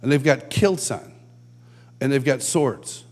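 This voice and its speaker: A man giving a conversational sermon at a conference, telling stories and acting out shouted quotes. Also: mid-range voice, expressive, slow. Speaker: conference speaker. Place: large church hall.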